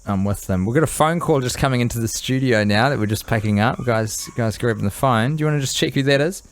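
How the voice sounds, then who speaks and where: A man's voice: medium pitch, fast talker. A man co-hosting a comedy podcast who plays a wry, playful interviewer. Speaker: podcast co-host.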